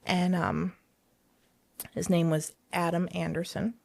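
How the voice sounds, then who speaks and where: A woman's voice: on the low side, little pitch movement, slow, gravelly, a little mellow, no echo. A woman telling her personal story of faith as a guest in an interview, earnest and hesitant, often restarting her sentences. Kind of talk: personal testimony in a podcast interview.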